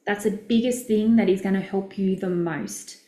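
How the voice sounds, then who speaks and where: A woman's voice: mid-range voice, steady tone, moderate pace, mellow, echoey room. A middle-aged Australian woman coaching in a chatty, direct, upbeat way during a casual live stream. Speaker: business coach.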